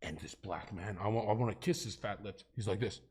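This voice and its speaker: A man's voice: lowish voice, a little fast, husky. A man streaming, telling a story in a casual, heated debate and swearing heavily. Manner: animated, profanity-heavy storytelling that swings between hushed and loud.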